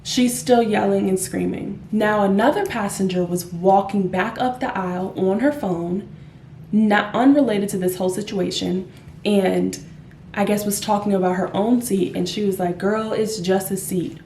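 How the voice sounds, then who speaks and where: A woman flight attendant telling a casual storytime, animated and acting out the passengers. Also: medium pitch, moderate pace. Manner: animated, acts out the people in her story. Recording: echoey room with faint noise.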